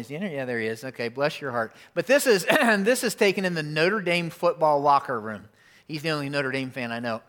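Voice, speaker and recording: A man preaching to his congregation in a church, slightly higher-pitched than most men. He talks conversationally, repeats his key lines for emphasis and keeps asking the room questions. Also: a bit bright. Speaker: pastor. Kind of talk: sermon. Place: church auditorium.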